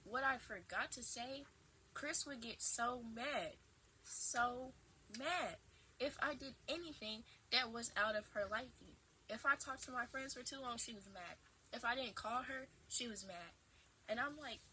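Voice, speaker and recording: A woman in her twenties tells a casual storytime vlog at home in a bright, forward voice. She talks animatedly and acts out dramatic retorts. The camera mic picks her up in an ordinary room. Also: a little high, a little slow, slight background noise, rough recording. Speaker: vlogger.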